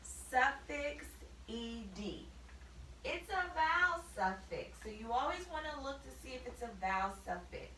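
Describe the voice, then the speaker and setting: A woman teaches a spelling lesson, spelling words out letter by letter. Her voice is highish and bright, and she speaks very slowly and carefully. She sounds set back from the mic in a roomy, echoing space. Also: lively intonation, a little hiss or hum. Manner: slow, deliberate, spells out letters. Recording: echoey room, mic at a distance.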